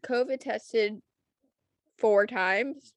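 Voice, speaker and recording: Hesitant young woman, higher voice. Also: very slow. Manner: hesitant, lots of fillers, laid-back. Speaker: podcast co-host. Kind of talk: casual chat.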